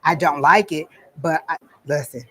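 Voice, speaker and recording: A woman's voice: low-pitched, normal speed, bright, forceful tone, rough recording. Woman, casual teaching talk, storytelling, filler ums. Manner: chatty storytelling with frequent ums. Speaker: psychic medium teaching a class.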